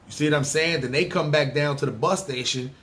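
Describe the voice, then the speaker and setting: A man with a New York City accent hosting a podcast, talking in a loose, animated, profane street style. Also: a little high, a little fast. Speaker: podcast host. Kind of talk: casual monologue ranking places.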